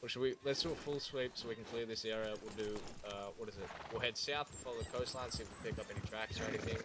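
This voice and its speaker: A man's voice: medium pitch, fairly even intonation, fast talker. A man with a blunt, swearing manner, talking through plans in an in-character western roleplay. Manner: blunt, swearing, thinks aloud in long plans. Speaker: lawman player in a western roleplay. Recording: loud game noise with horse hooves.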